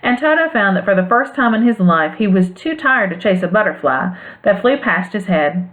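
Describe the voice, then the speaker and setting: A woman narrating a classic storybook aloud in an expressive, lilting way. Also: mid-range voice, moderate pace. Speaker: audiobook reader. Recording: phone-like narrow band sound.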